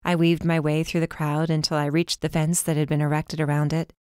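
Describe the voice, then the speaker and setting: A woman reading a first-person dark fantasy story as audiobook narrator, with tense, urgent delivery. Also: low-pitched, flat delivery, a little fast, smooth, no room sound, studio quality.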